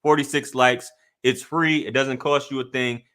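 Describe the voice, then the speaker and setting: Bright-voiced male live-stream host. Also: mid-range voice, steady tone, normal speed, smooth. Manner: easygoing, repeats himself, urges viewers to like. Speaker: podcast host. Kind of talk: casual live-stream interview.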